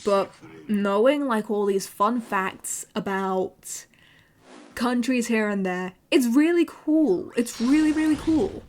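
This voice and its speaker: A woman from northern England, streaming as a VTuber, chats casually and rambles while playing a game, her accent a mix of British and American. Her voice is on the high side and slow, with a little hiss or hum, and she gets excited easily.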